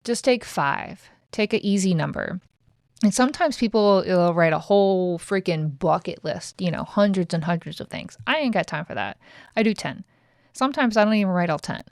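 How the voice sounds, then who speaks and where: A woman in her thirties hosts her podcast, talking in a chatty, blunt way with plenty of casual swearing. Her voice sits low and close to the mic. The room sound is dry, with no echo. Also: expressive, normal speed, a little mellow. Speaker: podcast host. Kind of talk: casual self-help monologue.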